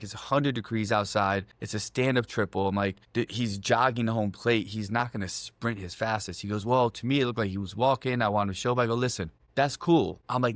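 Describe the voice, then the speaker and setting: A man's voice: medium pitch, dry recording. A middle-aged man co-hosting a podcast in casual chat, telling stories with lots of swearing and acting out his own quotes. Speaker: podcast co-host.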